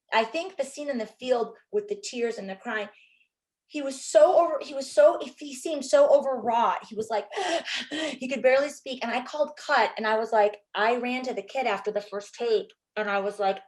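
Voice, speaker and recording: A middle-aged woman filmmaker, telling stories from a shoot in an interview, animated and quick to act out what people said. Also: fairly high pitch. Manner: animated, acts out quotes, many fillers. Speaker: filmmaker guest. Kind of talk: interview storytelling.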